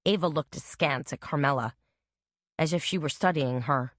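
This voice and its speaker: Woman reading an audiobook, low voice, steady, dry close mic. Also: normal speed, no room sound. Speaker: narrator. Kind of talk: audiobook narration.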